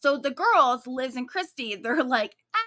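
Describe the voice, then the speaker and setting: A woman co-hosting a true-crime podcast, talking in a casual, animated way with a sarcastic edge. Her voice is bright and a little high. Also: measured pace, dry recording. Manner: animated, sarcastic storytelling with frequent likes. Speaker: podcast co-host.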